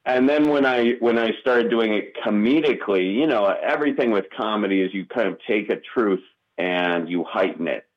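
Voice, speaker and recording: Low-voiced man with a Wisconsin accent. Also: highs cut off. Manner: halting, many restarts and fillers. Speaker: comedian guest. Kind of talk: casual interview talk.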